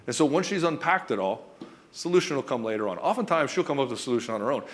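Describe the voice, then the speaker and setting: Fast-talking blunt profane male coach. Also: medium pitch. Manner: acts out short quoted lines in other voices. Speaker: relationship coach. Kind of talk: direct-to-camera coaching talk.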